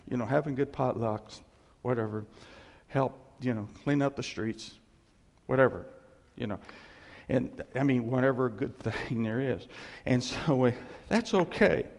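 A man's voice: medium pitch, vocal fry, in a large hall. A man preaching a sermon as pastor, conversational, with chuckles and asides to the congregation.

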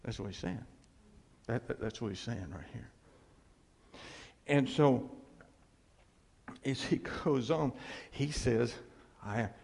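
A man preaching a sermon as a pastor, animated and laughing often, dropping to a hush on key phrases. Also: mid-range voice, slow pace, gravelly, long pauses, breathy edge. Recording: long hall reverb.

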